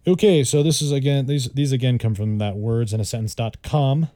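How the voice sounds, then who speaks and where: A man's voice: mid-range voice, a little fast, dark tone, no echo, clean studio sound. A man giving a casual vocabulary lesson. He chats and repeats words and spells them out. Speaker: vocabulary tutor.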